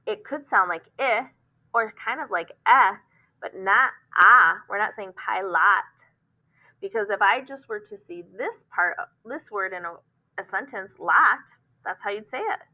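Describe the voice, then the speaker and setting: A woman teacher explaining phonics, often pausing with "um" and sounding words out slowly. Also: mid-range voice, animated, bright, forceful tone, poor audio. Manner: explanatory, frequent "um" fillers, slow demonstrations of words.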